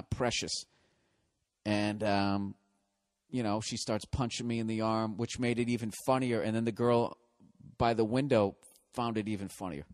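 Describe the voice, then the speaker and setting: A man's voice: fairly low pitch, dry recording, clean studio sound. A man in his forties with a Boston accent, hosting a podcast alone, telling profane, self-mocking stories with lots of restarts. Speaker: podcast host. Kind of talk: casual rambling monologue.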